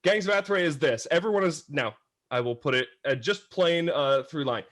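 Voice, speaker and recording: A man telling stories in a casual podcast chat, animated and laughing often, acting out voices. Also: a little high, normal speed. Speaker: podcast guest.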